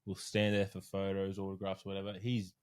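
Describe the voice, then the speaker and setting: A man, a strength coach, chatting casually on a podcast and telling animated stories, swearing freely along the way. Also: low voice, brisk, clean tone.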